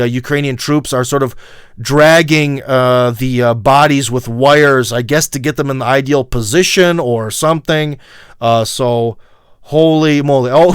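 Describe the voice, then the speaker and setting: A man's voice: mid-range voice, clean tone, dry recording, clean studio sound. A man with a Midwestern American accent, hosting a casual livestream and rambling to his viewers with many fillers and emphatic asides. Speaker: livestream host.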